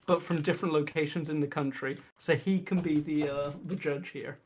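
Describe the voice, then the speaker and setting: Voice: mid-range voice, steady tone, moderate pace. A co-host on a casual podcast, joking and teasing the others. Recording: faint background noise.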